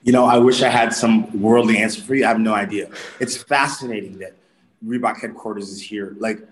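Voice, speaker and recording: A man's voice: lowish voice, steady tone, fairly quick, low-quality recording. A man from Boston, a gym coach, chatting easily and talkatively as a podcast guest. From Boston, USA. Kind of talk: casual interview chat.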